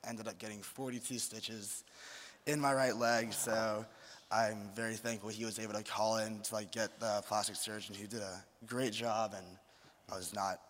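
A man's voice: fairly low pitch, moderate pace. Laid-back teenage guy telling a story. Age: late teens. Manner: relaxed, uses "like" and "um" often. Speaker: high school senior on a panel. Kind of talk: casual storytelling. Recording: echoey hall.

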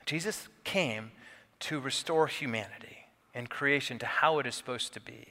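A man's voice: mid-range voice, normal speed, sharp tone. A man preaching a sermon as the pastor, stressing and repeating key words. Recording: long hall reverb.

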